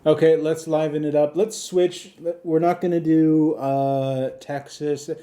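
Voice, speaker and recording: A man's voice: on the high side, level tone, unhurried, mellow. A man hosting a comedy podcast, chatting with a voice assistant in a dry, insistent, lecturing way. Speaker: podcast host.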